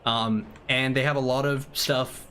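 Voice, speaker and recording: A British man with a mid-range voice streams a strategy game live, rambling and joking with his chat while handing out tactics. He speaks at a measured pace in a steady, bright, forceful tone, with a little background noise.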